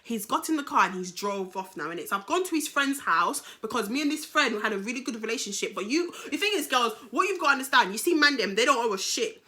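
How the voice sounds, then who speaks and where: A young British woman telling a storytime tale, with a bright, sharp voice that sits a little high. She talks in an animated, slangy way and swears freely. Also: fast, few pauses. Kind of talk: casual storytime.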